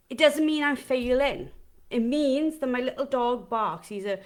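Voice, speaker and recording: A woman's voice: on the high side, expressive, moderate pace, fairly bright tone. A middle-aged woman talks casually on a live stream from her home. She rambles from point to point, adds asides and keeps asking her viewers questions. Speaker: dog trainer hosting a live session. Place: home, with dogs in the kitchen.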